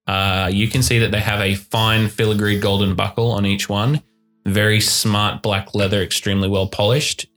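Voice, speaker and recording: A man's voice: lowish voice, flat delivery, normal speed, a bit bright, faint music behind. A man narrating as game master in a tabletop game, describing scenes at length with fillers.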